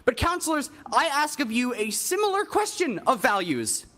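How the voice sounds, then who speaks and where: A man's voice: very high voice, sing-song, normal speed, pushed and bright. A man reading an earnest, pleading prepared statement as a public commenter.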